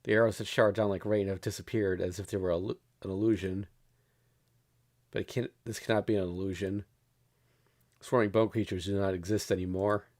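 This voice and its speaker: A man's voice: deep voice, fairly even intonation, brisk, a little mellow. A man streaming a read-aloud of a visual novel, narrating steadily with small stumbles and laughs.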